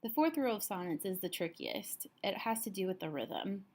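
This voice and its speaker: A woman teacher calmly walking students through a recorded lesson, explaining step by step, a little tired. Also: medium pitch, normal speed, a little hiss or hum.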